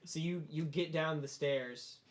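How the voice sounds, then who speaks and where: A man with a fairly high voice narrates a tabletop game as its game master. He talks casually and loosely, dropping in fillers as he describes each scene. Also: a little slow.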